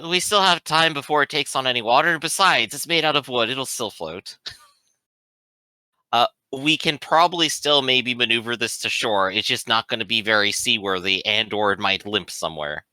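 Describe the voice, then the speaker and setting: Bright, joking tabletop player man. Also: mid-range voice, normal speed, smooth, no echo. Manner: joking, playful. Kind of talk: casual game chat.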